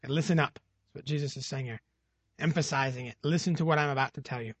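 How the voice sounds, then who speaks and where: A man's voice: medium pitch, fast talker, no room sound. A man preaching an expository sermon, emphatic, often repeating phrases and asking "right?" to drive a point home.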